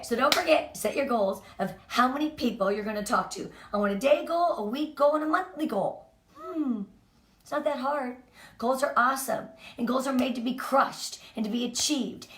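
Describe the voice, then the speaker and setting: A woman leading a sales team, giving an upbeat, chatty motivational training talk. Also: sits high. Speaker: direct sales team leader. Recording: roomy, from a distance.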